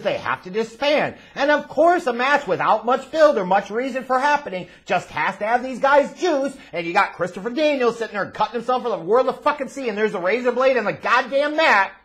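High-voiced man ranting angrily. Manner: angry, profane, shouting ranter. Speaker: wrestling review host. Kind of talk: ranting show review.

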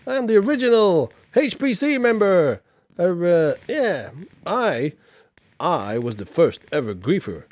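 Man putting on a stoner Guy Fawkes, fake American accent, drawling, swinging pitch. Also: very animated, measured pace, darkish tone. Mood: brash. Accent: American, put on. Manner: drawling, spaced-out, says dude and man.

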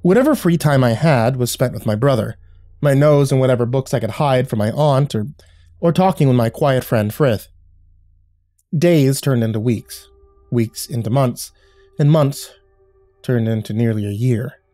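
Somber male horror narrator, dark tone. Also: medium pitch, no echo. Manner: measured, somber storytelling with quiet dialogue reads. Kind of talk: scripted horror story narration. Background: faint music.

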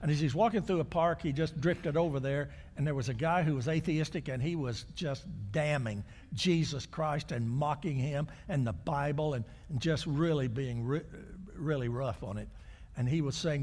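Older preacher telling stories in a church. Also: male voice, fairly high pitch, normal speed, long reverb tail. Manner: storytelling preacher, swings from loud to hushed. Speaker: pastor. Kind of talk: sermon. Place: church sanctuary.

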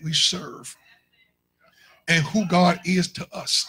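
High, bright-voiced preaching pastor. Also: male voice, fairly even intonation, slow, pauses often, breathy edge, low-quality recording. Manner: fiery call-and-response preaching, shouting at peaks. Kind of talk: sermon. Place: church sanctuary.

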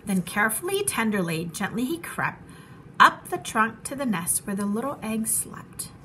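A woman teacher reading a children's storybook aloud, expressive and animated, dropping to a hush at tense moments. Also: fairly high pitch, normal speed, slight background noise, low-quality recording.

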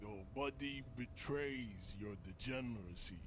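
Video game: a man voicing a towering, domineering bouncer. German accent, pompous, slow, laid over a noisy mix. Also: medium pitch, fairly bright tone, close to an everyday voice. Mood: pompous contempt. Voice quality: pompous, lecturing. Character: huge arrogant male bouncer, domineering and contemptuous.

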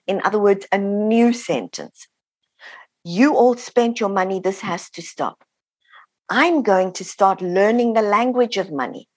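Being interviewed as a guest, this author answers questions in a teaching style, her mid-range voice lively as she performs the voices of the people she quotes. The audio has no echo.

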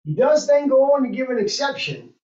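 A woman's voice: high-pitched, big pitch swings, a little fast, dark tone. A woman teaching an adult Sunday school class, asking the group questions and thinking aloud as she goes. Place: church classroom. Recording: roomy, distant and dull.

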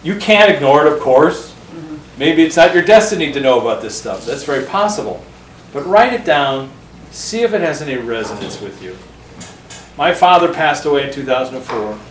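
A man, an author speaking to a book club, telling earnest stories with animated delivery and acting out the voices he quotes. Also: fairly high pitch, normal speed, a little hiss or hum. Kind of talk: storytelling talk to a small audience. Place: book club meeting room. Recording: roomy, distant mic.

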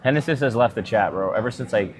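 A man's voice: on the low side, fast talker. Young man, casual pub chat, joking, swears freely. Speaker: co-host of a live stream. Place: Irish pub.

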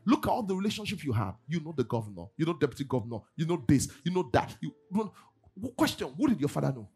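A man's voice: a little high, very animated, quick pace, darkish tone, breathy edge. A middle-aged man preaching a sermon as pastor, acting out congregants' voices and laughing often.

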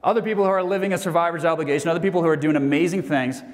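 A man's voice: a little high, very fast. Earnest man telling a story in a hall. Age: 40s. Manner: earnest, swings between hushed and energetic. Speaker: motivational keynote speaker. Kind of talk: personal storytelling speech. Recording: reverberant hall sound.

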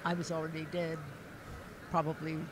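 A woman's voice: low-pitched, completely flat delivery, normal speed, background noise. An older actress as an interview guest, telling stories in a chatty way, laughing often and restarting her sentences. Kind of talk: casual anecdotal storytelling. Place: convention floor.

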